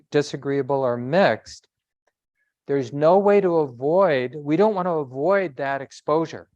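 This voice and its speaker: A man giving a dharma talk as a meditation teacher, speaking in a reflective, conversational way with pauses and self-corrections. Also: fairly high pitch, dry recording.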